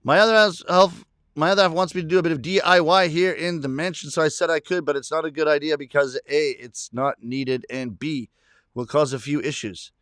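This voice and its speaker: A man's voice: fairly high pitch, steady tone, fairly quick, a bit bright, no room sound, clean studio sound. Chatty man hosting a livestream. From Canada. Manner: chatty, reads comments aloud, self-deprecating laughs. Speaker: livestream host reading chat. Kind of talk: casual chat.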